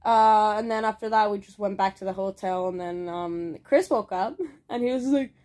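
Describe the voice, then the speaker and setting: A woman's voice: medium pitch, normal speed, darkish tone. A young adult woman telling a casual story in a vlog, rambling with many fillers and swearing now and then. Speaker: vlogger.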